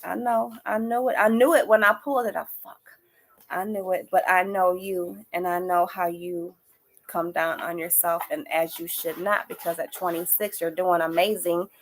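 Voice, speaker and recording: A woman's voice: on the low side, fairly even intonation, normal speed, rough recording. Woman giving a live card reading. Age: older. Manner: warm, emphatic, repeats phrases, talks straight to viewers. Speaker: podcast host reading oracle cards.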